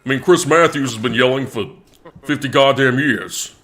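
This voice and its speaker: A man plays a gruff older politician with a low, rough edge. He lurches from loud barking into rapid muttering, then back again. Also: close to an everyday voice. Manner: swings between yelling and muttering. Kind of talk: comedic impression.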